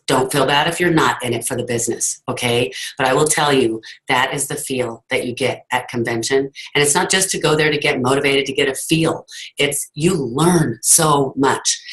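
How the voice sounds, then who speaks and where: Very low-voiced earnest woman on a call. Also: rough recording. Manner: earnest, emphatic, storytelling. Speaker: team leader hosting a call. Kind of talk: motivational talk on a video call. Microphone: video call.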